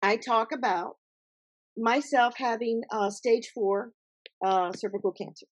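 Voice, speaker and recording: A woman author talking as an interview guest, telling her story in an emphatic, animated way. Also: on the high side, a little slow. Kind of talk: conversational interview.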